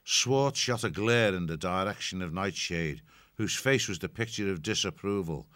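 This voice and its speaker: A man narrating an audiobook in a measured, steady storytelling manner. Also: deep voice, dry recording, studio quality. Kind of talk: audiobook reading.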